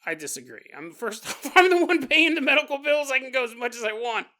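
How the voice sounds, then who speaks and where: Podcast host, male, bright tone, crude jokey storyteller who laughs a lot. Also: very high voice, very animated, fairly quick. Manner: crude humor. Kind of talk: comedic storytelling monologue.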